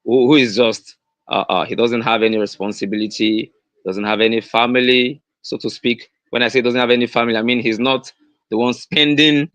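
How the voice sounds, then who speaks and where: A man with a Nigerian accent hosting a motivational livestream talk, earnest, repeating key phrases slowly for stress and restarting his sentences often. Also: medium pitch, pushed and bright, no room sound. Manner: earnest, with many fillers and restarts. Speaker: host.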